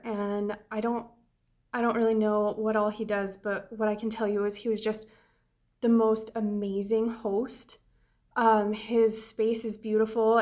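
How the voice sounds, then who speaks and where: A woman's voice: medium pitch, darkish tone. A young adult woman vlogging about a trip, chatty and emotional, with frequent ums and restarts. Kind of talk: casual travel vlog.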